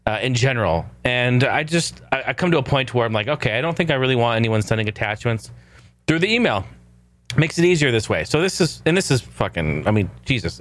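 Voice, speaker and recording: Lively, animated male podcast host. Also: mid-range voice. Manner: animated, jokey, swears casually. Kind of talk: casual podcast chat.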